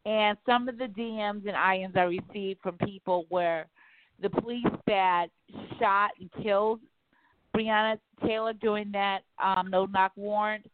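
A woman radio talk host speaking in a casual, animated, emphatic way, often cursing and acting out quotes. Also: mid-range voice, unhurried, dry recording. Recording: tinny phone-like line, dry.

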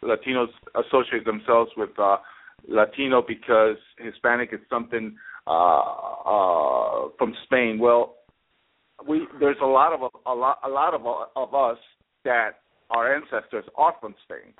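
A man's voice: medium pitch, lively intonation, unhurried. Stammering male radio host, phone-thin. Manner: stammers, repeats words. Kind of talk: talk radio interview. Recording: tinny phone-line sound.

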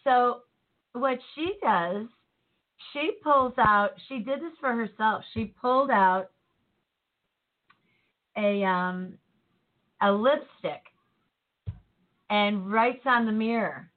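A woman co-hosting a casual motivational chat, animated and laughing easily, often trailing off mid-thought. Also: a little high, takes it slowly, long pauses. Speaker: co-host. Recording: tinny phone-like line.

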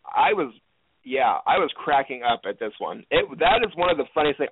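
A man's voice: medium pitch, big pitch swings, moderate pace, slightly rough, no echo. A man co-hosting a podcast, chatty and playful as he recaps a TV episode at length. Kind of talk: casual podcast chat. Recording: tinny phone-like line with faint hiss.

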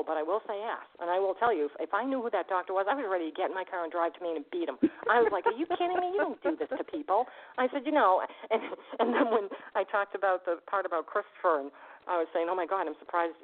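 A woman hosting a radio show, chatting with a caller and telling stories in a lively way, laughing often. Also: lowish voice. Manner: fast, animated storytelling, laughs often. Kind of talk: casual radio interview chat. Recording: tinny phone line.

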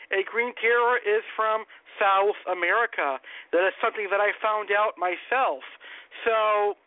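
High-voiced man hosting over a phone line. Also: dry recording. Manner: enthusiastic, repetitive, plain-spoken. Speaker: host of a call-in fish-keeping show. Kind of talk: solo radio-style monologue. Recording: tinny phone-line sound.

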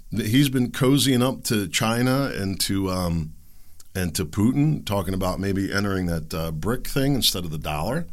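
A man delivers solo commentary on his podcast, his fairly low voice rising and falling in wide, lively swings. He peppers his talk with rhetorical questions and sarcastic asides. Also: moderate pace. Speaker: podcast host.

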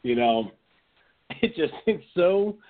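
A man hosts a casual combat sports podcast in a slightly high, sing-song voice at a slow pace. He's easygoing, chuckles as he talks, and uses many fillers. The audio sounds narrow, like a phone.

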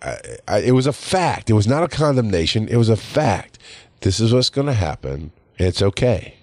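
Profane heated podcast host, low voice. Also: male voice, sing-song, moderate pace, a little mellow, dry recording. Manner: profane, heated storytelling, acts out others' voices. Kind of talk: casual monologue.

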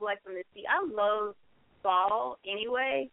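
A woman's voice: medium pitch, measured pace, vocal fry, dry recording. A woman co-hosting a casual chat, gushing and repeating phrases, often laughing. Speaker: co-host. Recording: tinny phone line, dry.

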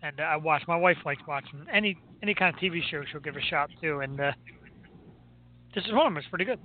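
A man hosting a radio show, his voice sitting a little high for a man. He rambles along in easygoing chat and pokes fun at himself. The sound is thin and tinny, like a phone line. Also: fast talker. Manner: rambling, self-deprecating, joking.

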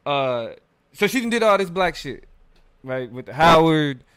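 A man co-hosts a casual live discussion, rambling with fillers and quick laughs. His voice is smooth and clear, and the sound is dry and close with no room around it. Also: on the high side, no room sound. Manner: loose and animated, frequent fillers, laughs while talking. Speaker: podcast co-host.

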